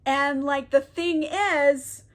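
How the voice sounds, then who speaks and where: A young woman with a high voice gives a rambling, comedic recap full of slang. She giggles a lot as she goes. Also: fairly even intonation, drawn-out words. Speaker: book youtuber. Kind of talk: comedic casual book recap.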